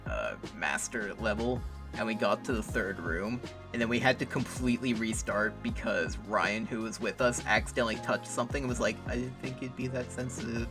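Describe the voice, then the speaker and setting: A man's voice: lowish voice, a little fast, over music. Young man bickering on a podcast. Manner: joking, bickering, swearing. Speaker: podcast co-host. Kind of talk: casual chat.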